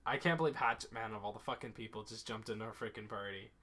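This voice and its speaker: Bright-voiced joking male streamer. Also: lowish voice, fast. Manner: joking, teasing, laughs often. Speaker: gaming streamer. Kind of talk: casual party chat on stream.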